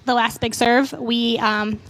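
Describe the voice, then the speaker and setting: A woman's voice: fairly high pitch, flat delivery, measured pace, poor audio. A middle-aged woman co-hosting a church pre-show in casual chat, cheerful and giggly, with a taste for bad jokes.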